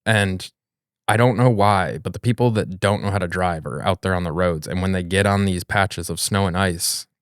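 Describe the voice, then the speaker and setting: A man's voice: low voice, normal speed, clear, resonant tone, dry recording, clean studio sound. A man from New York co-hosting a podcast, talking in a casual, blunt, ranting way and swearing freely. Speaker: podcast co-host. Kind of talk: casual chat.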